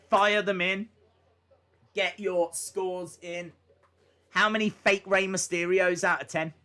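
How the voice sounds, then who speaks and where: A man hosting a live stream, giving casual reaction commentary and jumping into excited, high-pitched exclamations and rhetorical questions.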